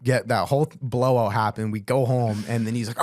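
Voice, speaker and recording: A man's voice: mid-range voice, fairly even intonation, brisk, darkish tone, no room sound, studio quality. A young man telling tour stories in a casual podcast chat, laid-back and slangy, with lots of "bro" and "like.". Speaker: guest vocalist.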